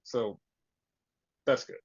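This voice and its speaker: Podcast host ranting thru a wrestling recap, swears a lot, acts out the quotes, kinda dull lo-fi sound. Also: very slow. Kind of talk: casual wrestling recap chat.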